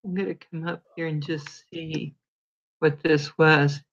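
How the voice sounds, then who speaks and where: A woman's voice: sits low, fairly even intonation, a little slow, lo-fi sound. A woman hosting a casual livestream, chatting with viewers by name and telling stories. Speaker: livestream host.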